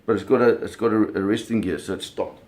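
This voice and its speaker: Man, middle-aged, slightly low voice, casual storytelling, animated, sound effects, acted quotes. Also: fast. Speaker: storyteller recounting a fishing trip.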